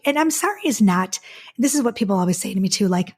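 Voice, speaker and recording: Blunt, husky-voiced woman speaking frankly. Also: medium pitch, lively intonation, quick pace, darkish tone. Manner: blunt and profane, storytelling. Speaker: podcast guest. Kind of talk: casual podcast conversation.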